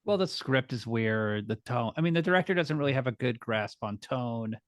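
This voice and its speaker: A man from New Jersey co-hosting a film podcast in casual chat, measured and ready to push back. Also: medium pitch, expressive, dry recording, studio quality. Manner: measured, pushes back on others. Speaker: podcast co-host.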